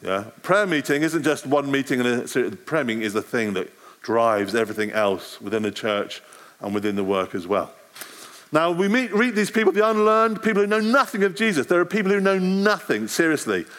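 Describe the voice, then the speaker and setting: A middle-aged man talks to a church gathering about preaching on the street. His pitch swings up and down constantly, and his delivery is animated and conversational. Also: a little fast. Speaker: street evangelist. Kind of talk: talk to a church audience.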